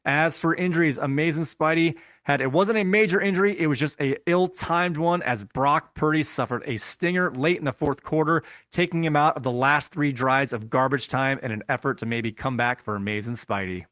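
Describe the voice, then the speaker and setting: A man's voice: on the high side, moderate pace, hardly any pauses, a bit bright, no room sound, clean studio sound. A man hosting a fantasy football podcast, talking to listeners in an upbeat, casual way and calling them guys. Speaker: podcast host.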